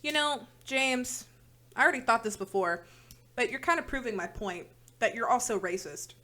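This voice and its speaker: A woman's voice: a little high, expressive, moderate pace, sharp tone. Blunt, profane woman ranting. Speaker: reaction channel host. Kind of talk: casual reaction commentary.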